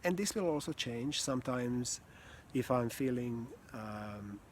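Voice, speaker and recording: Calm, earnest male voice coach. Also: mid-range voice, slight background noise. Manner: calm, earnest, slow with pauses, occasional sighs and soft laughs. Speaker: communication and voice coach. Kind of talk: reflective teaching talk.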